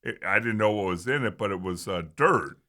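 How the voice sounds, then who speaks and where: A man's voice: fairly low pitch, expressive, fairly quick, pushed and bright. A middle-aged man, a former pro football player co-hosting a casual sports talk show, teasing playfully and laughing often.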